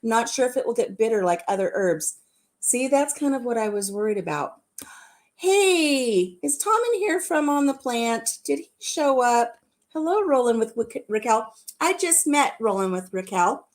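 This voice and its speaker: A woman's voice: on the high side, expressive, moderate pace. A woman hosting a casual livestream chat, giggling often and repeating herself as she talks. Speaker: livestream host.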